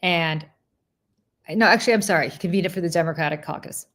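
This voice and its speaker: A woman hosting a political talk show, telling a story in an animated, casual way with asides and restarts. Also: fairly low pitch, fast talker. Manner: slips into mocking quoted voices of politicians. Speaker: political commentator and show host.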